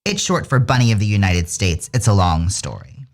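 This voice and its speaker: A drag queen voicing a sweet young male bunny in a storybook reading, sounding gentle and earnest. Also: low voice, sing-song, moderate pace, voice pushed down. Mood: tender.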